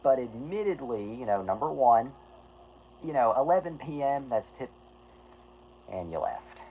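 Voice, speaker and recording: A man's voice: medium pitch, very animated, measured pace, highs cut off, slight background noise. Rambling, apologetic man on a stream. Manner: rambling, apologetic, swears, restarts sentences. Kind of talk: casual livestream chat.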